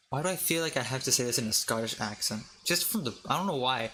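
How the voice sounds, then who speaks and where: A man's voice: medium pitch, brisk, hardly any pauses, pushed and bright, a little hiss or hum. A man streaming as a VTuber, reading articles aloud for chat, joking, tripping over words and breaking off to laugh.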